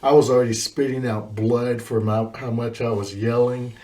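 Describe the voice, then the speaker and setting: Man recalling stories in low tones. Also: fairly even intonation, normal speed, mellow. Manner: low-key, reflective storytelling. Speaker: podcast guest. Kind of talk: casual podcast chat. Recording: faint background noise.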